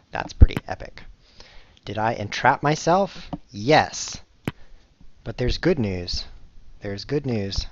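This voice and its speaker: A man streaming chess live, chatting casually to viewers in a rambling, self-mocking way as he plays. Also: fairly low pitch. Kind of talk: casual live-stream commentary while playing. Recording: dull lo-fi recording with faint noise.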